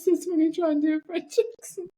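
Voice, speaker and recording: A woman's voice: extremely high pitch, flat delivery, quick pace, mellow. A woman as a guest on a podcast, giggly and playful in casual banter.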